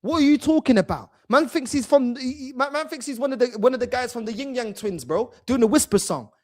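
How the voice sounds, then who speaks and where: A man's voice: very high voice, a little fast. A man hosting a fan channel and mocking a video in heated, slangy reaction commentary. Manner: mocking, loud and animated, slangy, repeats "bro".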